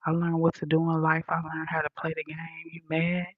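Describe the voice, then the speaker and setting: A woman ranting bluntly and profanely to her viewers, talking softly into a headphone mic at home in a condo. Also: deep voice, monotone, a little fast, no echo, narrow, tinny audio. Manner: blunt, profane, soft-spoken. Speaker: vlogger. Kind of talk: casual rant to viewers. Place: high-rise condo.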